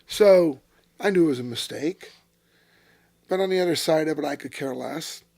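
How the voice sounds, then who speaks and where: A man in his sixties, a former racing driver as interview guest, telling blunt, profane stories that flare into shouting. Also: on the high side, moderate pace, gravelly. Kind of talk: storytelling in a casual interview.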